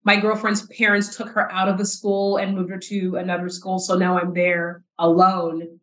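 A woman in her forties from South Texas, a podcast guest telling her personal story in an earnest, halting way with repeated words. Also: fairly low pitch, monotone, fairly bright tone. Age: 40s. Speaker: podcast guest, nonprofit CEO. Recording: roomy echo.

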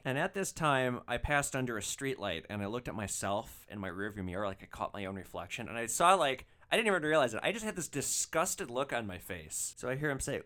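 A male podcast host telling a story in a relaxed, wry way, peppered with "like". His voice sits in a middle pitch but swings up and down expressively. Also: a little fast. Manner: casual, animated, wry storytelling full of likes.

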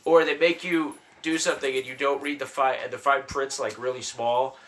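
A young man, a guest comedian, telling animated, laughing anecdotes in a casual podcast chat, holding the mic close to his mouth. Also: medium pitch, moderate pace. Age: young adult. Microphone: handheld mic held close to mouth.

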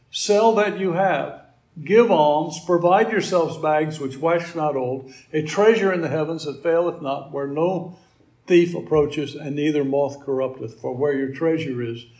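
A male pastor preaches a sermon in a relaxed, conversational way, breaking off into asides and restarting his sentences. His voice sits a little high and has a gravelly edge. The sound carries the echo of a church room.

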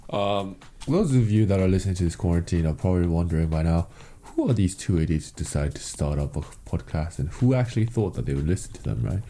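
A young man with a very deep voice chats casually as a podcast co-host. His tone is dark and mellow, and he keeps mocking himself, slowing down with filler words. He is speaking from a small bedroom lined with blankets. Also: animated, slight background noise. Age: young adult. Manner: self-mocking, hesitant with many ums. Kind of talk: casual chat.

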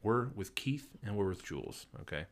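A man's voice: lowish voice, lively intonation, normal speed. Laid-back, rambling man co-host. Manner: rambling, laid-back, lots of "you know" and "like". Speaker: podcast co-host. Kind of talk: casual recap chat.

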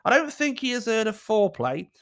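A man's voice: high-pitched, sing-song, a little fast, fairly bright tone, clear, resonant tone, voice pushed up, full character voice. A man voicing a frustrated young woman writing in about her boyfriend, in a giggly, complaining manner. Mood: exasperated.

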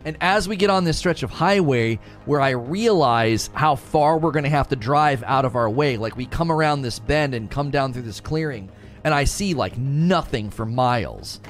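A man in his thirties casually telling stories to his stream, animated and self-mocking, laughing often. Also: medium pitch, normal speed, faint music behind. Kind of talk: casual storytelling to a live stream.

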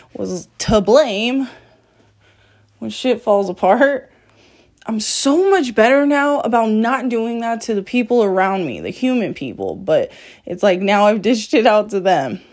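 Her mid-range voice is a little mellow, with lively intonation and a measured pace, as this woman hosts her own podcast alone. The monologue is candid and profane, full of self-mockery and frequent laughs.

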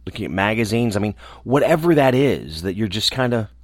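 A man who hosts a show, talking alone in a small room in a reflective, earnest way, often restarting and trailing off softly. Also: lowish voice, animated, no room sound, clean studio sound. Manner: earnest, halting, with restarts and soft trailing endings. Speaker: radio host. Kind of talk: reflective casual monologue.

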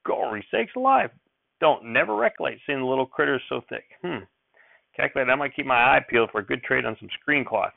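A man voicing an excitable, cranky old rural grandfather who talks in folksy dialect and repeats his exclamations. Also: medium pitch, fast talker, gravelly, no echo, phone-quality sound. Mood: jovial.

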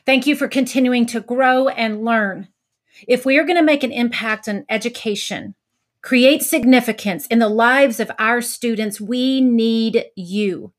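A woman with a fairly high-pitched voice delivers a motivational talk to educators. She tells an anecdote with lively, acted-out quotes and chuckles at her own punchlines. Her delivery is warm with storytelling energy and builds to an encouraging close. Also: a little slow. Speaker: education speaker.

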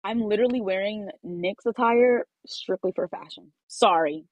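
A woman from New York co-hosting a casual podcast chat, talking in a brash, profane, excitable way. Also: medium pitch, normal speed, lo-fi sound. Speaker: podcast co-host.

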